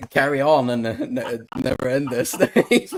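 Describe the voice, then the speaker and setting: A man chatting on a livestream in a laid-back, halting way. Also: medium pitch, expressive, slight background noise. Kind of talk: casual chat on a livestream.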